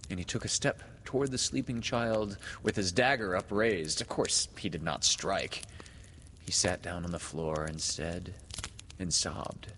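A man narrating a storybook in an unhurried, expressive manner. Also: deep voice. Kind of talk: audiobook narration. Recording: reverberant room, faint hiss.

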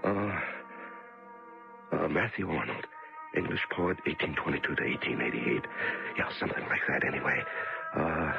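An actor playing a frightened male prisoner alone in a dark cell, muttering to himself in halting bursts between panic and hush, in an old radio drama. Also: extremely low pitch, vocal fry. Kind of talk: 1950s radio drama acting. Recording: lo-fi old radio recording with music.

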